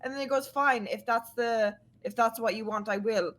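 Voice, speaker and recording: Young Irish woman, lively, profane, casual chat, slightly high. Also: moderate pace. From Ireland. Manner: animated, profane storytelling.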